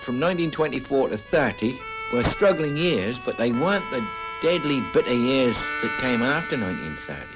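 A man's voice: medium pitch, very animated, normal speed, music in the background, poor audio. An older man, a retired herring fisherman, remembering hard years in a plain-spoken way and often saying "you see". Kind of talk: reminiscing interview.

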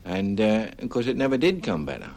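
A man's voice: on the low side, sing-song, a little fast, darkish tone, rough recording. An older man, a retired herring fisherman, remembering hard years in a plain-spoken way and often saying "you see". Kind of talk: reminiscing interview.

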